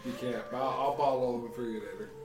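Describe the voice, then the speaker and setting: A man's voice: medium pitch, a little fast, roomy sound, far from the mic, music in the background. A man playing a tabletop game, terse and joking. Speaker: player.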